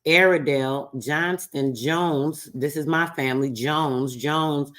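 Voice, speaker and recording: A man's voice: fairly high pitch, fairly even intonation, takes it slowly, a bit bright. A man hosting a casual livestream, talking loosely and swearing as he reads old records aloud. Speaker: livestream host.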